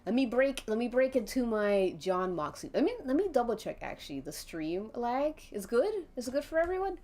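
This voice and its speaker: A woman's voice: fairly high pitch, very animated, a little fast, darkish tone. Giggly woman streamer telling a story. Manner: giggly, often breaks off laughing and restarts. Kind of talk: live-streamed interactive storytelling with chat.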